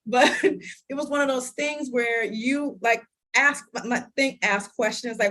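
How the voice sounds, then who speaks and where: A woman in her thirties, an interview guest, telling a personal story in lively conversation, laughing often and acting out what people said. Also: fairly high pitch, slow pace. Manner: animated, laughs often, acts out quoted dialogue.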